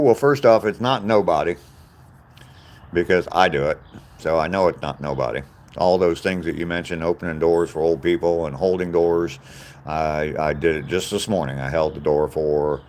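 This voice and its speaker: A man's voice: low voice, a little mellow, a little hiss or hum. An older man from the South, chatting plainly with viewers on a live stream. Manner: plain-spoken, answers viewer comments directly. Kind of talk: casual live-stream chat.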